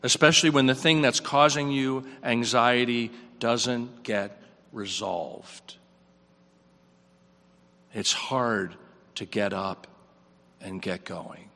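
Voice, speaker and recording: A male preacher delivers a sermon with a bright, forceful tone, reflective and earnest. His questions rise, then his voice sinks quiet. The sound rings with the long reverb of a church sanctuary. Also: medium pitch, slow.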